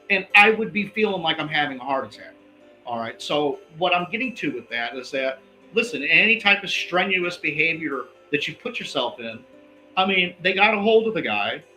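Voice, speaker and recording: A man's voice: high-pitched, lively intonation, normal speed, bright, forceful tone. Fired-up man in an echoey room. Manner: emphatic, keeps tagging "all right". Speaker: investigative guest. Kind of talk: heated interview talk. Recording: echoey room with faint music.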